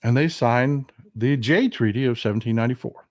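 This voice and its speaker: A man hosting a political livestream, talking in a folksy, animated way. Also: mid-range voice, fairly quick, no echo. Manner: folksy, animated, mocks historical figures in quoted voices. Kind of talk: casual political commentary.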